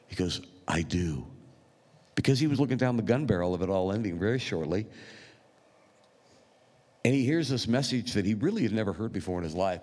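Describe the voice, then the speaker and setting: A man with a deep, low voice preaches to his congregation, talking like he's chatting with friends. He pauses often and fills gaps with small hesitations. His words ring out with a long reverb through a large church sanctuary. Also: expressive, a little mellow, breathy edge. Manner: unhurried, conversational, with frequent pauses and fillers. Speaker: pastor. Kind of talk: sermon storytelling.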